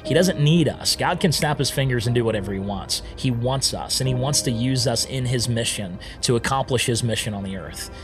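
A man who is a podcast guest, telling his own story in a casual, animated way and often acting out what he once said. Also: medium pitch, a little fast, hardly any pauses, over music.

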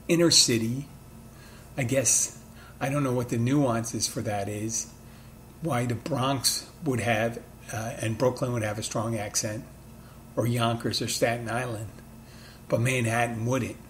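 A man's voice: mid-range voice, steady tone, a little slow, pauses often. Podcast host, male, mid-Atlantic accent with a Philly touch, rambling casual storyteller, light room hum behind. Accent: mid-Atlantic with a light Philadelphia touch. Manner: rambling, conversational, self-correcting asides.

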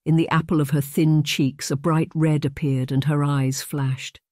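A man narrating a novel in a measured, even reading. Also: a little high, no room sound, clean studio sound. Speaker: audiobook narrator. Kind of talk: scripted narration.

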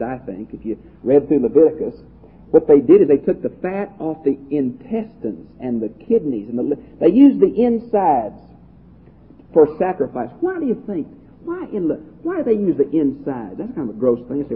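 A man's voice: a little high, sing-song, moderate pace, husky. Folksy male preacher on a tinny line. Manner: homespun, conversational, reads verses aloud then explains. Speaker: pastor and Bible teacher. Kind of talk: folksy Bible study lecture. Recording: tinny phone-like audio.

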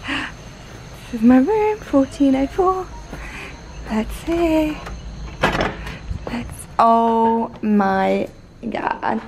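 A woman's voice: a little high, drawn-out words, pauses often, noisy background. Gushing young woman vlogging her hotel. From Ireland. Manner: excitable, gushing, breathless asides. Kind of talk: travel vlog. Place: hotel room.

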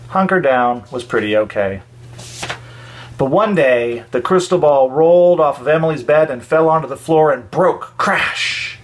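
A man reading a children's story aloud for a church, expressive with dramatic pauses. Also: medium pitch.

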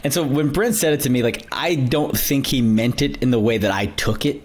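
A man's voice: medium pitch, fairly quick, breathy edge. A man telling a story in casual podcast chat, laughing often and acting out what people said. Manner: animated storyteller, laughs often, acts out quotes. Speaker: podcast guest.

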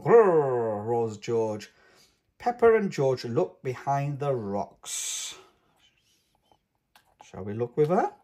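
A man reading a children's picture book aloud in an expressive way. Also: fairly high pitch, breathy edge. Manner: slow, expressive and lively. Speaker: storybook reader. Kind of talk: children's read-aloud narration.

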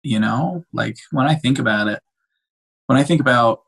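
A young man, a cinematographer, chatting casually on a podcast in an animated, emotional way with many restarts. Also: mid-range voice, normal speed, creaky, slightly rough. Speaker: cinematographer guest.

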